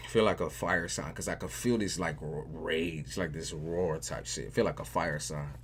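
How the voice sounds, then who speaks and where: A man's voice: very deep voice, fairly even intonation, unhurried, slight background noise. A man giving a tarot reading on a livestream, talking casually and profanely, often repeating phrases for emphasis. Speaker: tarot reader.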